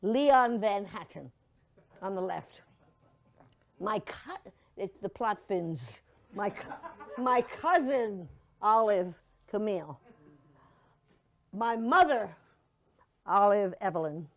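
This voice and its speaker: A woman's voice: medium pitch, animated, takes it slowly, long pauses. An older woman telling stories to a church audience in a chatty, playful way, slipping into mocking put-on voices. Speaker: speaker giving a memorial slideshow reflection. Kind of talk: casual storytelling to an audience.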